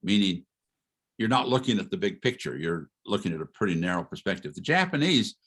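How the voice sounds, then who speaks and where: This older man, a retired history professor, delivers a casual lecture by video call with plenty of animation, rhetorical questions and chuckles. His voice is deep and husky, and he talks a little fast.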